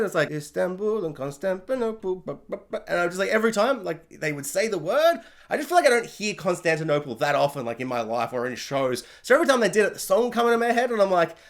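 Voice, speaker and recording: A man with a high voice talks through a TV review in a loose, rambling way. His tone is sarcastic, full of asides and playful jabs. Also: fairly bright tone. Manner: rambling and sarcastic, slips into silly mock voices. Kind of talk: casual spoken review.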